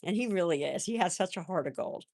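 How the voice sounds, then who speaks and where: An older woman with a lowish, soft voice, chatting gently and rambling a little as she answers viewers' comments on a live stream. The sound is close and dry, with no room around it. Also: lively intonation, fast, no echo. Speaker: livestream host. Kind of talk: casual live-chat talk.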